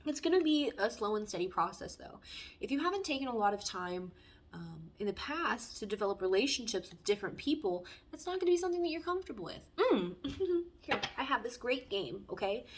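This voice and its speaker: A woman giving a casual spoken tarot reading, talking in a frank, blunt and heartfelt way. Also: a little high. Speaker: tarot reader.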